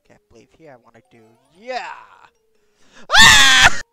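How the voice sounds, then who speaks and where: A man's voice: sits high, big pitch swings, unhurried, sharp tone, soft background music. A man streaming himself playing his own levels, yelping, screaming and laughing at each mishap. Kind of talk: let's-play reactions.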